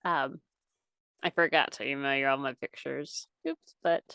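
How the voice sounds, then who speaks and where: Young woman podcast host, swears a lot, says like constantly, smooth voice. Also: very deep voice, steady tone, moderate pace, a bit bright, no echo. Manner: chatty, swears freely, lots of "like". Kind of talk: casual chat.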